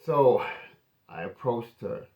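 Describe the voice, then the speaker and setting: A pastor telling a personal testimony in an earnest, conversational way. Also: male voice, mid-range voice, expressive, slow pace, a little mellow.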